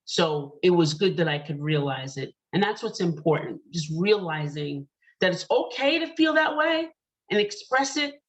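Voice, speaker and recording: Female panel host, lower-pitched, candid and chatty, dull lo-fi call audio. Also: fairly bright tone. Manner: chatty, candid, many fillers. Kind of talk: online panel discussion, personal story.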